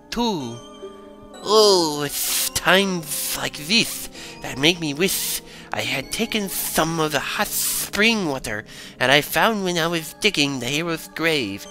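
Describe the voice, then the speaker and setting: Man doing a slow weary rock creature. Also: a little high, bright, forceful tone, voice pushed up, heavily acted, low-quality recording. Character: weary stranded male Goron, big rock creature.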